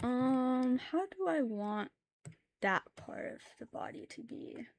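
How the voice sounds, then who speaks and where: A young woman streaming while she draws, rambling and thinking aloud, with sudden loud, excited bursts. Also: sits high, slow pace. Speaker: art streamer. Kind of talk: casual live-stream chat while drawing.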